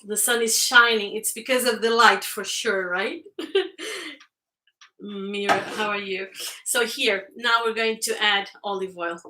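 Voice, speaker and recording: Slow, bright-voiced woman cooking live. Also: mid-range voice, poor audio. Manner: chatty, thanks viewers, frequent laughs. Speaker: cooking livestream host. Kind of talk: casual live cooking stream. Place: home kitchen.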